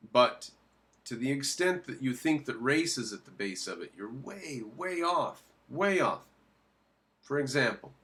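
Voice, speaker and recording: A man giving opinionated commentary while reacting to a video clip, emphatic and quick to ask questions and answer them himself. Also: medium pitch, a bit bright.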